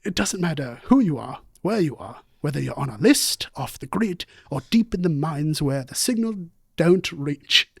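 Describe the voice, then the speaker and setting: A man putting on a hushed British documentary narrator. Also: on the high side, sing-song, moderate pace, gravelly, slightly rough, dry recording, clean studio sound, exaggerated voice. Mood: mock solemn. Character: man doing a nature-documentary narrator voice reading a fake ad.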